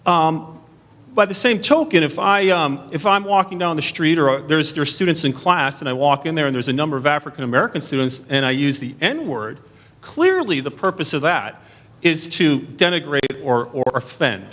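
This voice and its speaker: Brief: middle-aged male debater, earnest, slightly higher voice, restarts often. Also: animated, moderate pace, fairly bright tone. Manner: earnest, repeats and restarts under pressure. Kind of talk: debate answer. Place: theatre stage at a podium.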